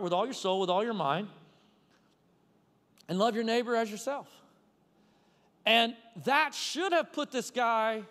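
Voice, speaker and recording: A man's voice: high-pitched, in a large hall. A man preaching a casual, conversational sermon, full of personal stories and "like" fillers. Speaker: pastor.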